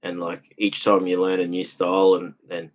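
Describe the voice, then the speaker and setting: Low-voiced tired man hosting a livestream, chatty and halting, dull lo-fi sound. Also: flat delivery. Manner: rambling, halting, lots of fillers and restarts, laughs often. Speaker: livestream host reading chat comments. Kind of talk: casual livestream chat.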